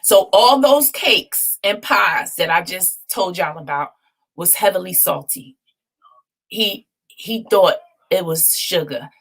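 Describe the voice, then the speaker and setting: Woman, vlog host, casual storytelling, low voice, vocal fry. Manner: chatty and animated, laughing often, dishing playful shade.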